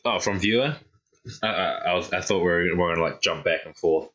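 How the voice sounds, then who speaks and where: A man's voice: deep voice, fairly quick, a bit bright, dull audio. A man co-hosting a podcast in casual chat, loose and hesitant with plenty of fillers. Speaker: podcast co-host.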